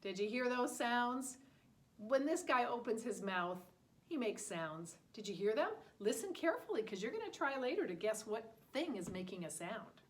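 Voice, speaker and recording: A woman's voice: a little high, very animated, normal speed. A woman teaching a listening lesson to preschool children, talking in an exaggerated, sing-song way.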